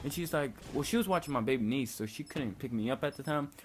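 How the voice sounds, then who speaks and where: A young man tells a story in a relaxed, rambling way, filling his sentences with "like" and swearing freely. His voice sits at a middle pitch. A faint hiss of noise runs underneath the recording. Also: fast. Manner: laid-back, swears freely, lots of "like". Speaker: vlogger. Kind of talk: casual storytelling.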